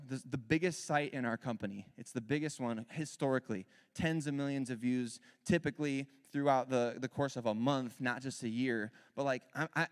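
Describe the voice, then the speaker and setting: A man in his thirties leads a sermon in a candid, storytelling way, his mid-pitched voice jumping into loud emphatic bursts. The recording carries the long reverb of a church sanctuary. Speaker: worship leader preaching.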